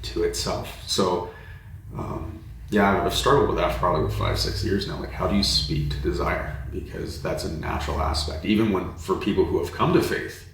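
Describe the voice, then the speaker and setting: A man's voice: low-pitched, moderate pace, vocal fry, a little hiss or hum. A man, a pastor hosting, talking thoughtfully and searching for words in a casual conversation. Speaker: host and pastor. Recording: very echoey room, faint background ambience.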